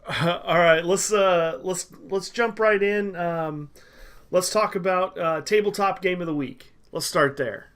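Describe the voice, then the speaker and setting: A man's voice: sits high, measured pace, a bit bright. Joking man hosting a podcast. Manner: loose, joking, filler-heavy. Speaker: podcast host. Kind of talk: casual podcast chat.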